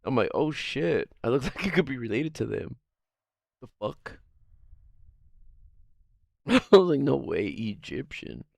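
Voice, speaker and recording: Male streamer, relaxed and rambling, swears a lot, laughs often, mid-low voice, dry close sound. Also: normal speed, vocal fry, no room sound. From Guam. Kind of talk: casual livestream chat.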